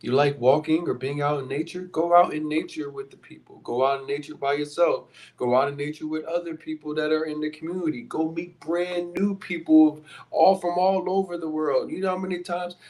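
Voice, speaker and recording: A man's voice: on the high side, fairly even intonation, fairly quick, darkish tone. A man from Philadelphia with a Philly accent, hosting a podcast as a conversational, blunt monologue full of rhetorical questions. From Philadelphia, USA. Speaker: podcast host. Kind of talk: motivational monologue.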